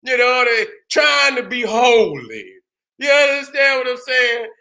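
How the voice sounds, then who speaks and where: A man hosting his own channel, delivering an impassioned, profane commentary monologue, often rising to shouts and repeatedly asking if you understand. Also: very high voice, very animated, a little slow, creaky. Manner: keeps asking "you understand what I'm saying". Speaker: channel host.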